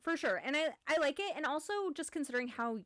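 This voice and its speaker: A woman's voice: sits high, quick pace, a bit bright, dry recording, clean studio sound. A woman hosting a casual book club podcast, summarizing a novel in a chatty way with lots of ums and likes. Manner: chatty, many "um"s and "like"s.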